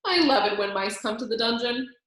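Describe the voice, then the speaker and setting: Gloating cruel rat in a storybook, played by a woman, high exclamations, echoey room. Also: a little fast, fairly bright tone, close to an everyday voice. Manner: gloating, theatrical. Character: gleeful, cruel old male rat.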